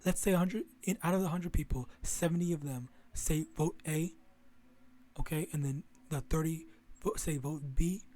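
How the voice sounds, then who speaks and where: A man's voice: a little high, moderate pace, warm tone. A young man talking casually to his viewers in a rambling way, with many restarts and some swearing. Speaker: religious vlogger. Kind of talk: casual monologue to camera.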